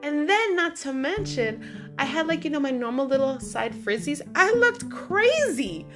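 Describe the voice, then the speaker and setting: A woman vlogging, telling everyday stories in an animated, chatty way full of fillers. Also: high voice, normal speed, music in the background. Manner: animated, chatty, many fillers like "like" and "you know". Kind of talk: casual storytelling monologue.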